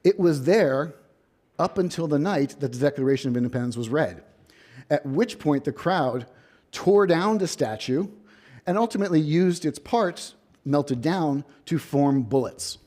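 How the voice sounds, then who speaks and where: A man's voice: on the high side, expressive, measured pace, darkish tone. A man, a visiting professor, giving an academic lecture in a lecture hall, telling history with storytelling emphasis and wry asides.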